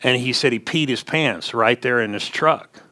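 Male pastor, mid-pitched, folksy sermon storyteller with emphatic swells. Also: normal speed, pushed and bright. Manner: folksy storytelling preacher, rising emphatic punches.

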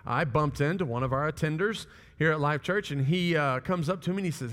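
A male pastor preaching a sermon, telling stories in a lively way and acting out the people he quotes. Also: on the high side, a little fast, in a large hall. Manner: animated storytelling with quoted voices.

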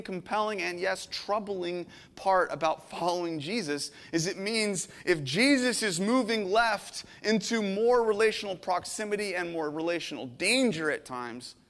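A middle-aged man preaching a sermon as a pastor, earnest and emotional, swinging from hushed to intense. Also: sits high, normal speed, big-room sound. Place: church sanctuary.

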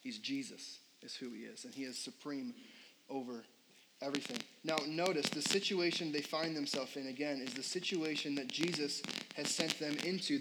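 Man, young adult, pastor, casual conversational sermon, asks the congregation questions, slightly high voice, faint background noise. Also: fairly bright tone, low-quality recording.

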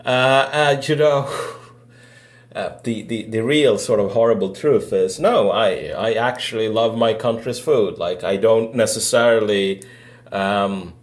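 A man co-hosting a casual podcast chat, talking slowly with many fillers and hesitations. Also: fairly low pitch. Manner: slow, hesitant, lots of fillers. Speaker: podcast co-host.

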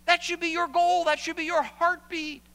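A man's voice: very high-pitched, flat delivery, moderate pace, sharp tone, long reverb tail, rough recording. A man preaching a sermon as pastor, animatedly acting out the complaints of church members.

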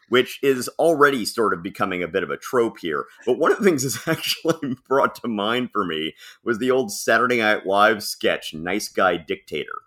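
A man's voice: fairly low pitch, moderate pace, few pauses. A man co-hosting a podcast, chatting casually and animatedly about comics, with frequent laughter. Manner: animated, laughing, hesitant with fillers. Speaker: podcast co-host.

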